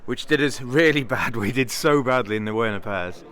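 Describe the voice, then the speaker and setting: A young British man talks casually in a vlog, thinking out loud and circling back on himself with plenty of ums. His voice sits at a middling pitch and comes across bright and sharp. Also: moderate pace. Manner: rambling, thinks aloud with many fillers and restarts. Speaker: vlogger, bridge player.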